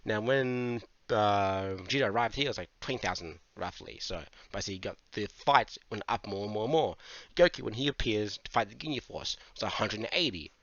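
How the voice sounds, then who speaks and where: A man giving a casual manga review, animated, swearing freely and going off on tangents. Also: on the low side, a little fast, dry recording. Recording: dull lo-fi dry mic.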